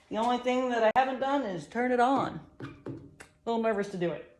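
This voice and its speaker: A woman's voice: medium pitch, quick pace, a bit bright. A young woman and woodworker, talking casually to her camera from her small shop, chatty and upbeat, often laughing at herself. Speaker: woodworker and small business owner. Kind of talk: casual vlog talk to camera.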